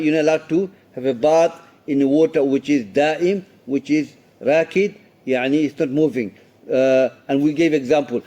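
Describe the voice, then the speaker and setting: A man's voice: fairly high pitch, dark tone. A man teaching a religious lesson in English, explaining rulings step by step, slipping in Arabic terms and quoted recitations and checking in with "okay?". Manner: repeats himself and checks understanding with "okay?". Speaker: Islamic studies teacher. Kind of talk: classroom lesson explaining hadith.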